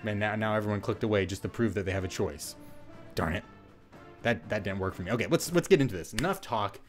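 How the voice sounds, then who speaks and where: A man's voice: lowish voice, fast, soft background music. A man giving playful, goofy let's-play commentary over a game, often stumbling and restarting his words. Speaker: gameplay commentator.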